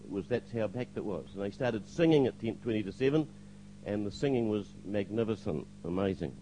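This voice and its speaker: A man's voice: fairly low pitch, animated, a little fast, warm tone, slight background noise, poor audio. An older man giving a spoken testimony to a church congregation, hesitant with fillers, now and then acting out the lines he quotes.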